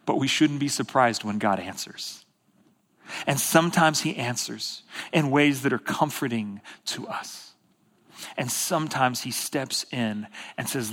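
A man's voice: medium pitch, fairly bright tone. A man preaching a sermon as a pastor, telling a story with repeated, emphatic phrases and casual asides.

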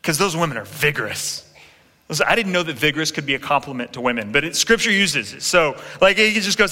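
A man in his thirties preaching a sermon with animated storytelling, acting out quotes and making asides to his congregation. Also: on the high side, quick pace. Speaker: pastor. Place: large church hall. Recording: long reverb in a big hall.

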